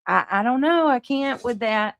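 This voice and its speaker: A woman's voice: on the high side, animated, normal speed, creaky, a bit bright, no echo, highs cut off. A woman with a Southern accent hosting a live stream, chatting casually with viewers and swearing freely. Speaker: livestream host. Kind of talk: casual live chat reading comments.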